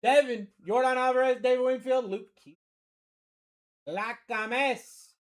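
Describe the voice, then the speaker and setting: A man from Maine with a Maine accent hosts a live card-breaking stream, calling pulls with energetic, slangy banter and shouting over big hits. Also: very high-pitched, a little slow. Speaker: card-breaking livestream host. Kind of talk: excited live sales commentary.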